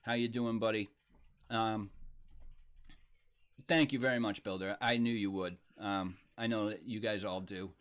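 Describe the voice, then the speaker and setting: A man hosting a casual live stream, chatting loosely and reading viewer comments out loud. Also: fairly low pitch, steady tone, unhurried, long pauses. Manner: laid-back, reads viewer comments aloud.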